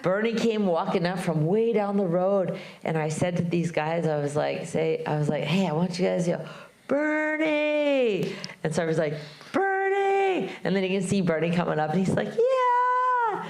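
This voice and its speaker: A woman telling a lively travel story to a live audience, acting out the voices of people she met and laughing along the way. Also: lowish voice, fairly quick, creaky, few pauses, roomy sound. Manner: animated storyteller, acts out voices, laughs often. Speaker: guest speaker, long-distance hiker. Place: club venue before a live audience.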